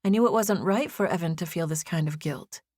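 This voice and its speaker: A young adult woman narrating a first-person audiobook with gentle, intimate storytelling. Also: lowish voice, brisk, no echo, clean studio sound.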